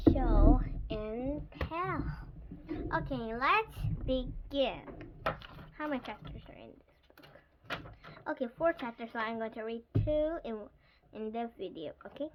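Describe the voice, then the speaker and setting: A woman's voice: sits high, noisy background. A woman reading a children's chapter book aloud expressively, chatting to young listeners. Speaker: reader.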